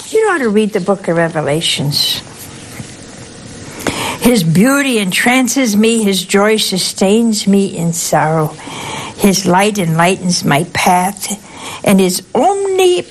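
A woman's voice: mid-range voice, a little hiss or hum, low-quality recording. An older woman, a nun, giving a conversational sermon that is folksy and humorous, often asking her listeners questions. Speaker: nun giving a spiritual talk.

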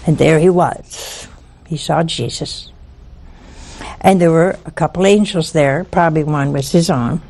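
A woman delivers a preachy story at a slow, deliberate pace. Her voice is gravelly, sits a little low, and she leans on key words and repeats them for weight. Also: warm tone. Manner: earnest and emphatic, repeats for effect.

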